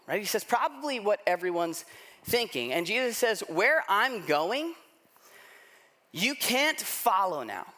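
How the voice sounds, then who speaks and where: A man delivers a sermon in a high, bright voice. He retells the story conversationally and slips into the voices of the people he quotes. His tone stays lively and personable. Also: a little slow. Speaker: pastor.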